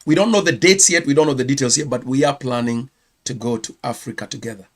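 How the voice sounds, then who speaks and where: A Kenyan pastor gives a chatty, live-streamed news round-up, correcting himself as he goes and reading out viewer comments. He talks fast in a mid-range voice.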